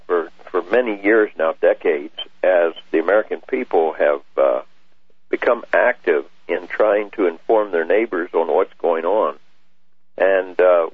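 A male radio guest speaking earnestly and haltingly, with many fillers. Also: deep voice, breathy edge, no echo. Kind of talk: talk radio interview. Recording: tinny phone line on radio.

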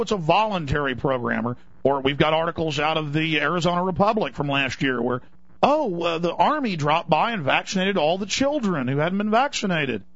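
A man's voice: a little high, a bit bright, dry recording. A male radio talk show host delivering a heated, indignant monologue. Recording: dull lo-fi broadcast audio.

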